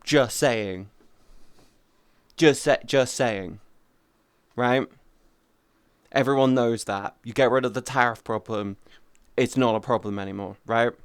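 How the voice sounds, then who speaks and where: A man's voice: mid-range voice, takes it slowly, long pauses, clear, resonant tone, no echo. A young adult man chatting casually on a live stream, rambling, swearing freely and restarting his sentences. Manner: rambling, profane, restarts often.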